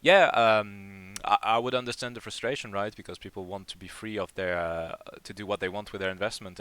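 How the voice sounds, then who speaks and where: Deep-voiced man in casual chat. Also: a bit bright, smooth, no room sound. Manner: rambling and chatty, with many fillers and repeats. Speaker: project lead hosting a community AMA.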